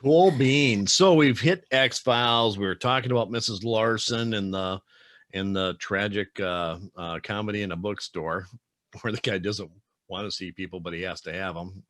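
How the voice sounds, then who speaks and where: A man's voice: lowish voice, moderate pace, a bit bright, no room sound, studio quality. A man with a Wisconsin accent hosting a podcast interview, chatty and joking, often repeating his words. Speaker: podcast host. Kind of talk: casual interview chat.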